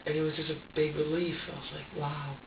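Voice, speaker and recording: A man being questioned by police pours out an agitated, rambling account full of swearing. His voice sits a little high and sounds far from the mic. The room audio is roomy and dull, with a faint hiss. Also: level tone, fast talker, creaky. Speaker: interrogation suspect. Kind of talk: police interrogation. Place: interrogation room. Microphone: distant room mic.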